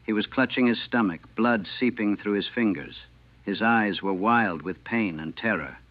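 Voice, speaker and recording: A man narrating his wartime memories as a chaplain in a somber, measured, grave way. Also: on the low side. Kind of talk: first-person war memoir narration. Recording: narrow phone-like band, dry.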